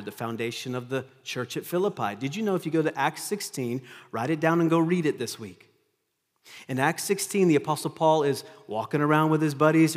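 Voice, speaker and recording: A man preaching a sermon as pastor, earnest, swinging from loud emphasis to hushed intensity. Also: on the high side. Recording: long reverb of a large hall.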